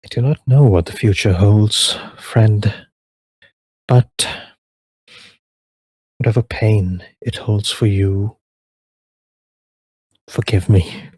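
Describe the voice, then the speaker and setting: A man doing wise elf woman, serene, formal, gentle, slow. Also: on the low side, husky, dry recording. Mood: regretful.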